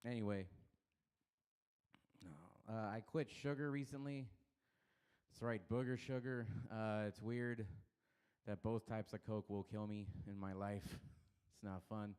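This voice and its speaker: A man doing a stand-up comedy set on a dark club stage, with loose, rambling, crude delivery and frequent laughs at his own jokes. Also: lowish voice, steady tone, unhurried, long pauses, clear, resonant tone.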